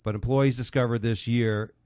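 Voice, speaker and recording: A man's voice: mid-range voice, moderate pace, dry recording. Guy hosting a podcast, swears a lot, rambles, super dry mic. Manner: swears freely, rambling and animated. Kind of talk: casual banter, reading news stories aloud.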